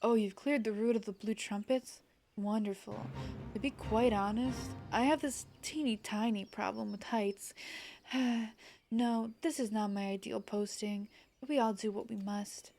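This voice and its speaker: A woman's voice: fairly high pitch, fairly even intonation, unhurried, a little mellow, soft background music. A woman reading aloud the lines of a chatty, formal forest path guard from a game, one who admits to being afraid of heights. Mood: genteel. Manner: quaint, formal phrasing read aloud.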